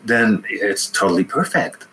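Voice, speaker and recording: A man's voice: fairly low pitch, measured pace, rough recording. Male guest, easygoing and laughing, slight hiss behind. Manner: lively, laughing, repeats words. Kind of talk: casual interview talk.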